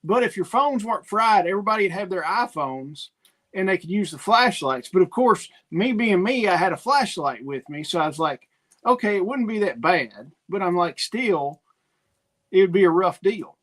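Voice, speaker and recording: A man's voice: high-pitched, expressive, normal speed, a bit bright. A man chatting casually on a livestream, laid-back and rambling as he thinks aloud.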